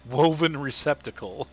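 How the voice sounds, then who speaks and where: A man from Ohio chatting casually on a live game stream, rambling and laughing often. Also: fairly high pitch. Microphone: headset.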